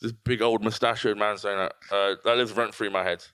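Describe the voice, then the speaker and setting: A man's voice: fairly low pitch, a little fast, clean tone, no room sound, clean studio sound. A man co-hosting a podcast, chatting casually and acting out quotes with big laughs. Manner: animated storyteller, acts out quotes and laughs a lot. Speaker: podcast co-host. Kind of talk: casual banter.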